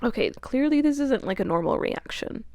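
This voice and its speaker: A woman's voice: a little high, animated, normal speed, darkish tone, dry recording, clean studio sound, pitched above the performer's own voice. A woman voicing a reluctant young man in her own voice, curt and dismissive.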